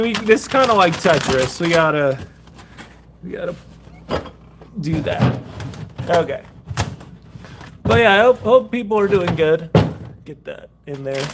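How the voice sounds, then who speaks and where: A young man with a notably high voice talks loosely and rambles while he fixes food in his home kitchen. He records on a phone held in one hand, with a faint hiss behind him. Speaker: faith vlogger. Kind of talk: casual vlog chat.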